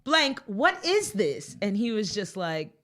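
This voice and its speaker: A woman's voice: medium pitch, big pitch swings, unhurried, fairly bright tone. A young adult woman co-hosting a podcast, telling a story in casual chat and acting out the quotes with laughs and big swings in her voice. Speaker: podcast co-host.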